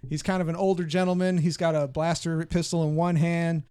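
High-voiced man running a tabletop game. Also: flat delivery, fairly quick, dark tone, clean tone. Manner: plays characters in quoted lines. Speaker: game master.

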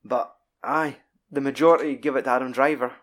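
A man's voice: mid-range voice, steady tone, fairly bright tone. A man in casual podcast chat, rambling and sweary. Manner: sweary, rambling, quick bursts.

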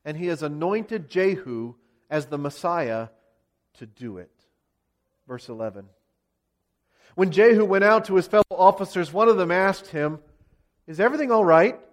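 High-voiced man preaching a dramatic sermon. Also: unhurried, pauses often. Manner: vivid, dramatic storytelling of scripture. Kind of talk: expository sermon.

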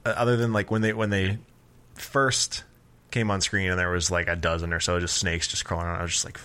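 A man's voice: deep voice, flat delivery, fairly quick, pushed and bright, clean tone. A man co-hosting a film review podcast, joking wryly and laughing easily in casual chat. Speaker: podcast co-host reviewing films.

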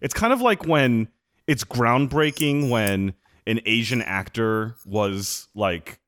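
A man's voice: medium pitch, slow pace. A man co-hosting a podcast in casual chat, rambling and acting out quotes. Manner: animated, rambling, acts out quotes. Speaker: podcast co-host.

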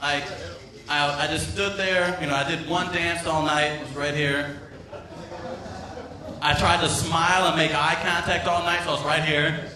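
On a comedy club stage, a man with a high-ish, steady voice does a rambling, profane open-mic set at a moderate pace, leaving long pauses while he teases the live crowd. The sound is echoey, his voice a bit distant from the mic.

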